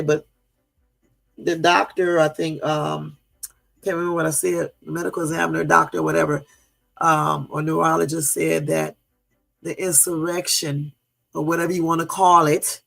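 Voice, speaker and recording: A man with a gravelly, raised voice hosts a casual livestream and talks in an indignant, rambling way. He fills his talk with "um" and speaks straight to his live viewers. Soft music plays faintly behind him. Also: fairly high pitch. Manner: indignant, rambling with many fillers; chats with and answers live viewers. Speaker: livestream host.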